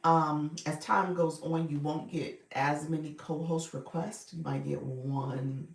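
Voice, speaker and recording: Low, gravelly woman, upbeat livestream coach, chatty, recorded in an echoey room from a distance. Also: fairly even intonation, slow pace. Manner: upbeat, chatty, greets viewers by name.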